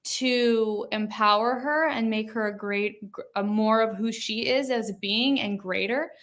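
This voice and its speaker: Female interviewer, higher voice, animated, laughs a lot. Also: unhurried. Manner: animated, laughs often, enthusiastic. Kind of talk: casual conversation.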